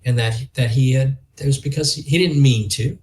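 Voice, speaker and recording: A man's voice: medium pitch, darkish tone, slight background noise. A middle-aged man speaking earnestly and reflectively as a podcast guest, sometimes emotional as he tells a personal story. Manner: earnest, reflective, quick to emotion, acts out quoted dialogue. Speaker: guest, youth organization leader. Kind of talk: conversational podcast interview.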